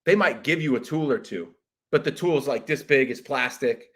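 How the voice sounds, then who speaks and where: A young adult man hosting a comedy podcast, ranting in an exasperated, profane monologue and jumping into loud shouted impressions. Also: medium pitch, moderate pace. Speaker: podcast host.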